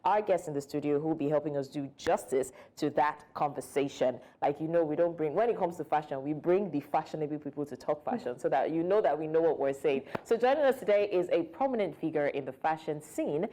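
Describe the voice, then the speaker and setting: A woman co-hosting a studio talk show, chatty and quick to laugh. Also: low voice, dark tone.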